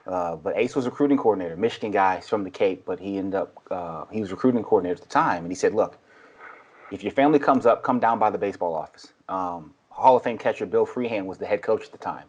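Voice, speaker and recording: A man in his forties with a low, husky voice, telling long stories on a podcast. He acts out the people he quotes with animated shifts. The tone is casual and conversational. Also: fast talker, dull audio. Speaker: podcast guest, baseball coach. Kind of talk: casual storytelling.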